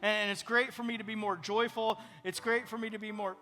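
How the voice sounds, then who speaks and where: Bright-voiced man preaching over soft music. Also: high-pitched, level tone, brisk. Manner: earnest, conversational preaching with prayerful asides. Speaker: pastor. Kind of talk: sermon.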